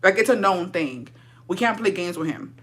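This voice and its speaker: Woman, blunt and foul-mouthed, casual storytime vlog, bright edge, English mixed with Spanish slang. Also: fairly low pitch, expressive, normal speed. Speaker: vlogger.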